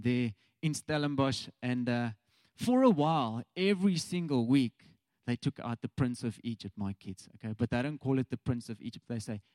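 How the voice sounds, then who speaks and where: Speaking straight to the congregation, a South African man in his thirties keeps his sermon conversational and relaxed. The recording has no room sound, and his mid-range voice carries a darkish tone.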